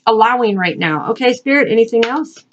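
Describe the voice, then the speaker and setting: A woman reading spiritual messages, earnest and repetitive, speaking encouragingly and asking spirit questions out loud. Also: on the high side, animated, brisk, muffled recording, slight background noise. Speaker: spiritual reader and channel host. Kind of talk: casual spiritual card-reading talk.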